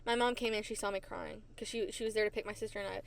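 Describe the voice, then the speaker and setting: A woman hosting a podcast, telling stories from her childhood in a chatty, animated way and repeating phrases for emphasis. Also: mid-range voice, fast talker, creaky. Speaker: podcast host. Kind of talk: casual storytelling. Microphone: desk microphone.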